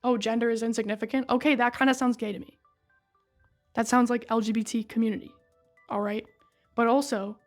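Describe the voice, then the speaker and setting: A woman with a slightly high voice talks through a game's story in a loose, chatty recap. She is sarcastic and swears freely. Faint music plays behind her. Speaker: video creator recapping a game story.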